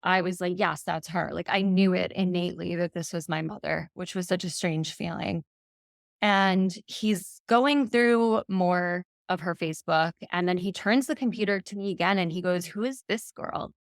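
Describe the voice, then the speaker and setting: A woman's voice: lowish voice, fairly even intonation, moderate pace, vocal fry, no echo, studio quality. A woman in her thirties, a podcast guest, earnestly retelling a personal story and quoting messages aloud.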